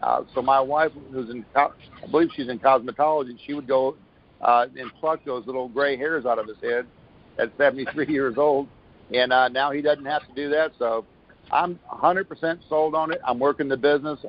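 A man's voice: mid-range voice, steady tone, brisk. A man giving a rambling, upbeat testimonial on a phone call, with many restarts. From Florida. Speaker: caller giving a product testimonial.

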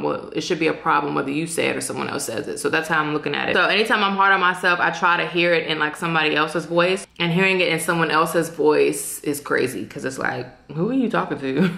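Brief: young female vlogger, casual chat, gravelly fry, roomy home recording. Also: fairly low pitch. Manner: casual, chatty, drawn-out and relaxed. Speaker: lifestyle vlogger. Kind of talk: casual chatty vlog.

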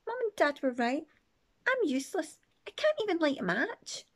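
A woman's voice: high-pitched, very animated, moderate pace, pitched above the performer's own voice. A woman voicing an anxious, eager eleven-year-old boy in a raised voice. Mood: upset.

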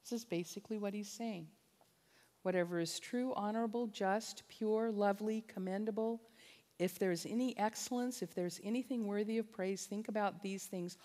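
Preaching with intensity and emphasis, a woman whose voice is medium-pitched and dark-toned keeps a normal speed and returns again and again to repeated phrases. She speaks as a conference speaker and biblical counselor, recorded with the long reverb of a large hall.

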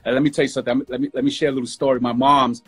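A man from New York City, a music producer guest, telling stories from his youth in a fast, emotional, casual way over a phone livestream. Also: medium pitch, level tone, slightly rough. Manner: fast, emotional storytelling with lots of "bro". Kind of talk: casual storytelling interview.

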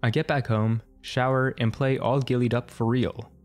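A man narrating an internet story for comic effect in a brisk, wry, matter-of-fact way. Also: mid-range voice, fairly even intonation, a little mellow, faint music behind.

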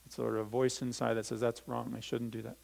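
Gravelly-voiced pastor speaking to children. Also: male voice, mid-range voice, level tone, fast, a little mellow, low-quality recording. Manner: reads scripture aloud, then explains it simply to children. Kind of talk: children's talk. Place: church sanctuary.

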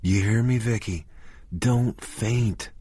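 A man voicing a grim, controlled husband in shock, speaking quietly and in clipped phrases, in an audiobook reading. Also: fairly low pitch, takes it slowly, husky, no echo, voice pushed up. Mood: tense.

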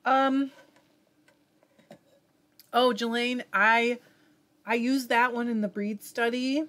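A woman's voice: on the high side, fairly even intonation, slow, fairly bright tone. A woman with a Southern US accent hosting a live fiber arts stream, chatting casually and reading viewer comments aloud with frequent laughs.

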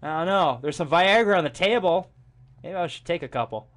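A young man giving casual gameplay commentary, jokey, swearing a lot and exclaiming loudly. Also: a little high, lively intonation, fairly quick. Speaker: gaming streamer.

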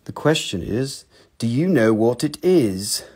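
A man's voice: medium pitch, expressive, measured pace, a little mellow, husky. A young man hosts a live mineral sales show, joking, teasing and swearing casually while slipping into silly put-on voices. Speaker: host selling minerals on a live stream.

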